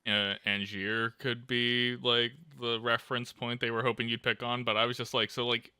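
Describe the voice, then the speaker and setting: A man's voice: medium pitch, level tone, normal speed, pushed and bright, smooth, dry recording. A man hosting a podcast in casual chat, wry and joking as he steers the topics. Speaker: podcast host.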